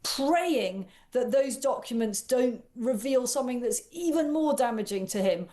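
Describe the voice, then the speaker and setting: Woman, British accent, political commentator, confident, analytical, mellow, slightly high pitch.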